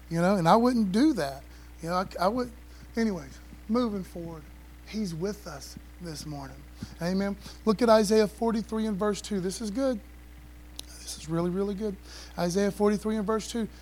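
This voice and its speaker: A man's voice: high-pitched, darkish tone, a little hiss or hum. A man preaching a casual sermon in a church service, using slang and calling out to the congregation. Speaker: pastor.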